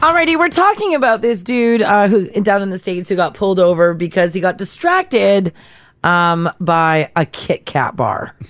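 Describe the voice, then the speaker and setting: A woman co-hosting a morning radio show in a relaxed, easygoing way. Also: mid-range voice, normal speed, no room sound. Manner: easygoing, reads listener texts aloud. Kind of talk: casual morning radio banter.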